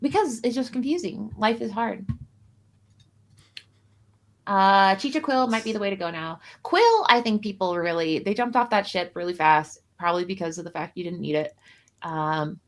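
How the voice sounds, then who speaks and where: A woman co-hosting a live stream in casual chat, rambling and self-deprecating with a jokey edge. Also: mid-range voice. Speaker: streamer co-host. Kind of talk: casual stream chat about a card game.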